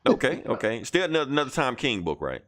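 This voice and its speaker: A man's voice: medium pitch, big pitch swings, fast, a bit bright, slight background noise. A man hosting a podcast, casually recapping a comic book in a profane, rambling way, laughing and briefly acting out the characters. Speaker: podcast host reviewing comics.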